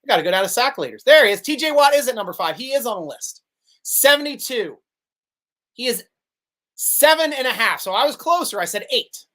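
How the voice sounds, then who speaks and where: Man hosting a sports vidcast, excitable, laughs a lot, lively up-and-down delivery. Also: extremely high pitch, brisk. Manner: excitable, laughs often, animated. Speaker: host. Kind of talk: live sports vidcast, reading viewer comments.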